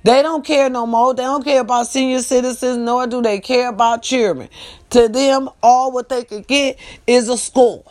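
A woman telling a story to her viewers in a loud, profane, preachy way, calling them y'all. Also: fairly high pitch, steady tone, moderate pace. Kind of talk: animated casual storytelling to camera.

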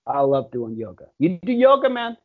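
A man's voice: on the high side, big pitch swings, normal speed. A young man chatting casually on a podcast, laid-back and swearing a lot. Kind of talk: casual chat. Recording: dull lo-fi audio.

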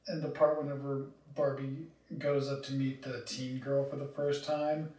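A man's voice: mid-range voice, level tone, moderate pace, a crowd in the background. A man co-hosting a podcast, chatting casually in a rambling way with many fillers. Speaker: podcast co-host. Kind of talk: casual comedic chat. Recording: echoey room.

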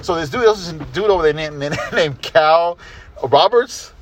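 A man telling a rambling, excited story to a friend in casual chat, swearing freely. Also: fairly high pitch, unhurried, slight background noise.

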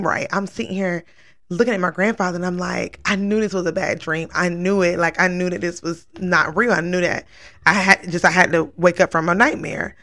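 A woman's voice: on the low side, sharp tone. Earnest woman rambling through a dream story. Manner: rambling, many "like" fillers, earnest. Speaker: vlogger recounting a dream. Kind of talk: casual storytelling.

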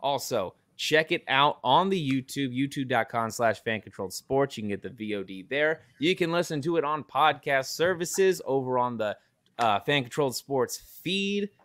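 A man from the United States co-hosting a casual streamed show, at an ordinary middle pitch. He talks easily but often trips and restarts his sentences. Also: expressive, normal speed, fairly bright tone. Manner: hesitant, stumbling restarts. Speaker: podcast co-host. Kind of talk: casual chat and show sign-off.

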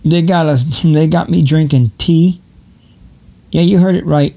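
A man's voice: a little high, fairly even intonation, a little slow, creaky. A man hosting his own podcast, rambling casually from home with profane jokes and frequent laughter. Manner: profane, laughing, jokey rants. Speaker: podcast host. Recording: loud static noise on home mic.

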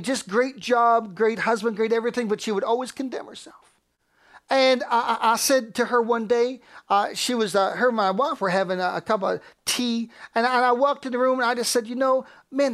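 A man preaching a sermon as a pastor, fervent and repetitive, rising to near-shouts and dropping to hushed whispers. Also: extremely high pitch, brisk.

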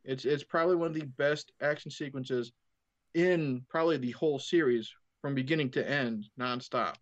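A man's voice: medium pitch, normal speed. Eager man with a dull lo-fi sound. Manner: enthusiastic, recounts scenes in detail. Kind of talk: casual film discussion.

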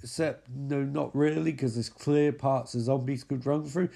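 A man's voice: medium pitch, steady tone, normal speed, vocal fry, warm tone. A man giving a mocking, profane recap of a zombie film with lots of exclamations. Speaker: film commentator.

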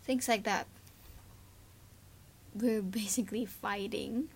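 Slow-talking Filipino woman, earnest. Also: mid-range voice, steady tone, creaky, husky. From Philippines. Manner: earnest and emotional, with frequent fillers. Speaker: podcast host. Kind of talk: casual personal commentary.

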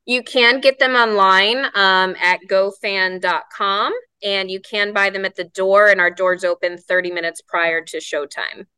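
A woman's voice: medium pitch, fairly even intonation, unhurried, few pauses, sharp tone, smooth, no echo, rough recording. Woman from Southern California, theater director, eager rambling talk, dry close sound. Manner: enthusiastic, rambling explanations. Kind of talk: casual interview.

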